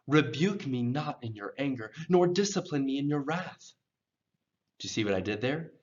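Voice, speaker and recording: Male English teacher, lowish voice, patient explainer, slightly muffled lo-fi recording. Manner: slow, deliberate explaining, with expressive read-aloud examples. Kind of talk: pronunciation lesson reading scripture.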